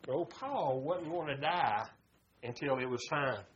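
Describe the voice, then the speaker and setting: A man's voice: mid-range voice, lively intonation, normal speed. A man, preaching a folksy sermon and calling his listeners "buddy.". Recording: dull lo-fi recording.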